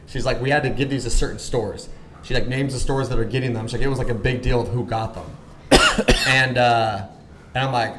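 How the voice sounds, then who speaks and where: A man in his thirties telling a story on a podcast as a guest, animated and full of "like", acting out the voices of people he quotes. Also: medium pitch, echoey room, slight background noise. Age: 30s. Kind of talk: casual storytelling chat.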